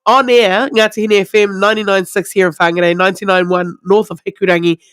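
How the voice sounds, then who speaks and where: A man with a high voice and a New Zealand accent chats loosely and giggles between lines as a radio co-host. The studio sound is dry and close, with nothing else behind him. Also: flat delivery, quick pace, fairly bright tone, smooth, dry recording. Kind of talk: casual radio banter.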